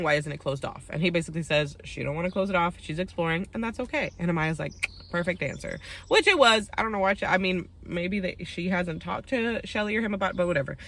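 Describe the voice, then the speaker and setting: A woman's voice: medium pitch, pushed and bright. A woman giving a casual, heated recap of a reality show, blunt and profane, acting out quotes from the cast. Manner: acts out quotes of the cast mid-story. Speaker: TV recap host.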